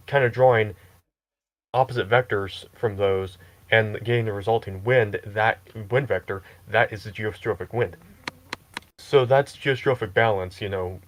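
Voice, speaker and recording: A man's voice: lowish voice, a little hiss or hum, poor audio. A man co-hosting live severe weather coverage, explaining atmospheric forces in a technical, explanatory way. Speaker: weather co-host.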